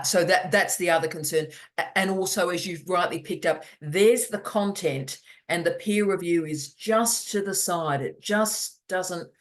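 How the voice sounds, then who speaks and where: Speaking in a mid-range voice, a middle-aged academic keeps online office hours loose and jokey over video call. They're animated and repeat words to drive points home.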